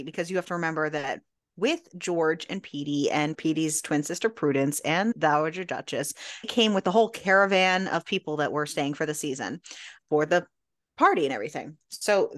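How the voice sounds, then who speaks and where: A woman's voice: sits low, no room sound, studio quality. A woman co-hosting a book club podcast in casual chat, recapping the plot with animation and acting out the characters' lines. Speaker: podcast co-host.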